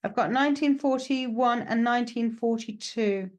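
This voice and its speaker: A fairly high-pitched woman speaks at normal speed while giving a live psychic mediumship reading. Reassuring and chatty, she leans on "okay" and "right" and tosses in self-deprecating asides, laughing at herself.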